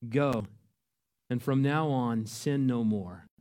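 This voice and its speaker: A man preaching a sermon, earnest and emphatic, his voice rising to loud peaks. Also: medium pitch, takes it slowly. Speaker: pastor.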